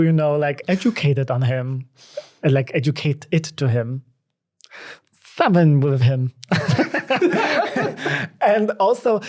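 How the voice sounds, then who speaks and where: A man's voice: a little high, darkish tone. A Polish man speaking English with a Polish accent, chatting expressively as an interview guest and laughing often. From Poland. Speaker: guest artist. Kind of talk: casual conversation.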